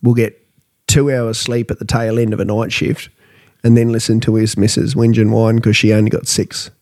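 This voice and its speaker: A tired, tipsy Australian man in his thirties, co-hosting a crude, casual pub chat. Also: on the low side. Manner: blunt, swearing, laughs loudly at his own jokes. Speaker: podcast co-host.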